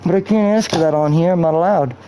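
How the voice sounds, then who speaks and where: A man's voice: on the high side, fast, mellow, slight background noise, poor audio. A man live-streaming a video game, talking in a rambling, profane, off-topic way into a cheap microphone. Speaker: gaming streamer. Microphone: cheap streaming mic.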